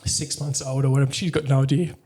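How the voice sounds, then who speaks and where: A man's voice: medium pitch, flat delivery, fast talker, dark tone. A man, a military veteran telling personal stories candidly as a podcast guest, bluntly and with a lot of swearing and fillers. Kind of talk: candid conversational storytelling.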